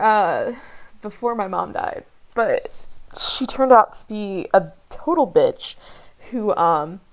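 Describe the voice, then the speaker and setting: A young woman hosting a let's play, talking candidly and haltingly with many fillers and some swearing. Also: medium pitch, muffled recording. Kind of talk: casual game commentary.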